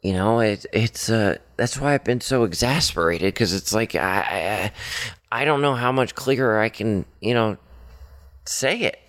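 A man talking earnestly in a personal confessional monologue to his partner, halting often with fillers and restarts. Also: lowish voice, fairly bright tone. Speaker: podcaster speaking to his partner.

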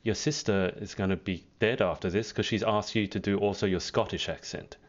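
Through dull, lo-fi video call audio, a man with a lowish, steady voice hosts a casual live-stream pageant interview, talking a little fast as he chats, teases, and reads out viewer comments.

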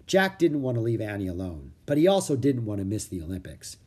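A man reading a children's chapter book aloud, expressive storytelling. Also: on the low side, brisk. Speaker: audiobook reader.

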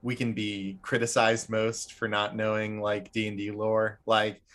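A man co-hosting a podcast and chatting casually as a game master, halting with frequent restarts and filler words. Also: on the low side, completely flat delivery, fairly bright tone. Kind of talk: casual chat.

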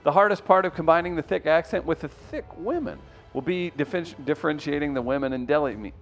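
Gravelly, animated joking host. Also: male voice, a little high, fast, faint music behind. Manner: joking, puts on mock voices. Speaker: radio show host. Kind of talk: casual radio banter.

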